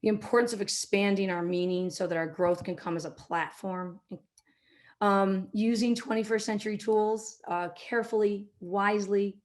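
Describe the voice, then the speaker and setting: Woman, middle-aged, mid-pitched voice, keynote speaker, anecdotal business talk, acts out quotes softly. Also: steady tone, moderate pace. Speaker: keynote speaker, marketing executive.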